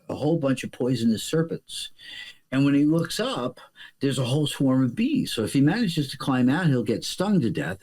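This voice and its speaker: A man on a podcast video call telling parables and jokes in a rambling, dramatic way, with long pauses. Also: mid-range voice, mellow. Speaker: podcast guest. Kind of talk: casual conversation with storytelling.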